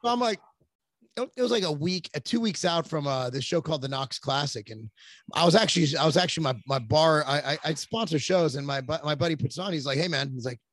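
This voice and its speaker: A man's voice: fairly high pitch, animated, fast talker, fairly bright tone, no room sound. A man in his forties, a podcast guest, telling long rambling stories in casual chat with plenty of cursing. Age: 40s. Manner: rambling, profane storytelling.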